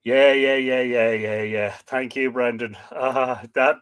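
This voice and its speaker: A man with an Irish accent chats easily on his livestream, working through viewer comments one by one. He greets each person, adds small remarks, and often pauses on fillers as he goes. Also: medium pitch, steady tone, a bit bright, clear, resonant tone. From Ireland. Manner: chatty, reads out names and greetings with frequent fillers. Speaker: livestream host. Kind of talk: casual livestream chat, reading viewer comments. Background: dog barking at times.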